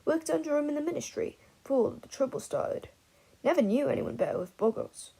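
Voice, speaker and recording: A woman's voice: sits high, animated, brisk, gravelly, pitched above the performer's own voice, rough recording. A woman voicing a drunk old wizard who slurs and rambles. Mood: tipsy rambling. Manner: slurred, blustering, gets loud.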